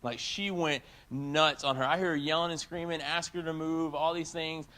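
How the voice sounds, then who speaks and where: A young man in his twenties giving a casual youth sermon, telling a story in an animated way and talking straight to the crowd. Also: a little high, moderate pace. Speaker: youth speaker.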